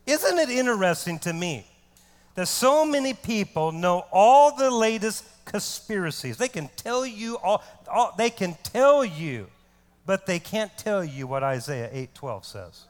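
Male pastor, very high voice, fervent shouted sermon, long church-hall reverb. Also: sing-song, unhurried. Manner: impassioned preacher who shouts and repeats words for emphasis. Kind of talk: fiery sermon.

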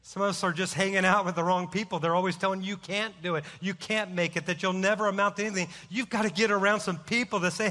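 A middle-aged man, a pastor, preaching a sermon with impassioned, rising shouts. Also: high-pitched, a little fast, few pauses, a little hiss or hum. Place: church sanctuary. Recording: long hall reverb.

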